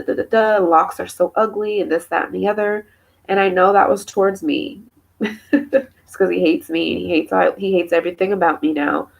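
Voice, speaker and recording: A woman's voice: medium pitch, vocal fry, rough recording. A young woman and mother, tearful and emotional, venting at length in a personal vlog, rambling with many fillers. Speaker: mother talking to camera.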